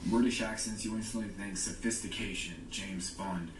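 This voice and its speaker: Low voiced guy ranting for laughs, sounds far from the mic, noisy room. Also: steady tone, normal speed. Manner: loud, joking rant. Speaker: short video creator. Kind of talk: comedic monologue. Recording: roomy, distant, noisy phone video.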